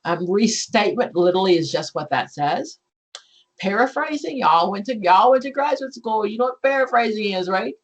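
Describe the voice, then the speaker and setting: A woman, teaching an exam prep class in a chatty, animated way. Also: medium pitch, moderate pace, muffled recording. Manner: chatty and animated, acts out client scenarios. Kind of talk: live online class lecture.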